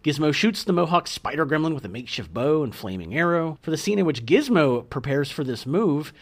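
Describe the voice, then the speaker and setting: A man co-hosting a casual podcast, reading film trivia from his notes and breaking off for chatty asides. His voice sits slightly high and his pitch swings widely. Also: big pitch swings, a little fast. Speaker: podcast co-host.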